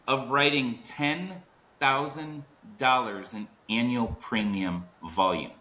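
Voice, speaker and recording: A man's voice: medium pitch, animated, slow pace, bright, forceful tone, reverberant, rough recording. A man hosting a sales podcast in an upbeat, hype-building way, stretching out key words for emphasis. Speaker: podcast host. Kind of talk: energetic podcast chat.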